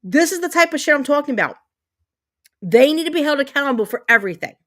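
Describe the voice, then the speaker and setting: High-voiced woman ranting heatedly. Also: big pitch swings, fast, a bit bright. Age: 30s. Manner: emphatic, repetitive, heated, swearing. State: fuming. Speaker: livestream host. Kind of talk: angry livestream rant.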